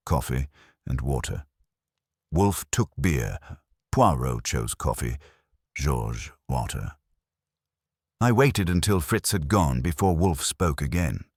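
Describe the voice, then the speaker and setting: A man's voice: extremely low pitch, no room sound. A man giving dry, wry, matter-of-fact scripted first-person narration of a detective story.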